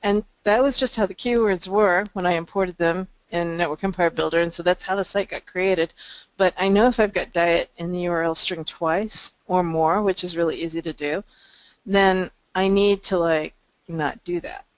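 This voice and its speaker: A woman presenting a webinar, walking through a software demo with ums and restarts. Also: lowish voice, fairly even intonation, normal speed, no room sound. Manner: explanatory, frequent ums and restarts. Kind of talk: screen-share software demo. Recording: dry, dull lo-fi call audio.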